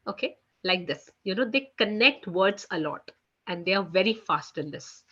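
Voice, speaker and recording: A woman's voice: mid-range voice, animated, normal speed, bright, forceful tone, breathy edge, dull audio. A woman teaching French in a live online class, chatty, leaning on "you know" and "guys". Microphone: video call.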